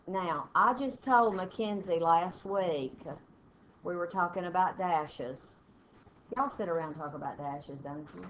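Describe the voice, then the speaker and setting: Woman teacher explaining grammar, lo-fi. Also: lowish voice. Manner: explains step by step, reads sentences aloud with pauses. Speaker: English teacher. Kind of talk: classroom test-prep lesson. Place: classroom. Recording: dull lo-fi classroom recording with faint noise.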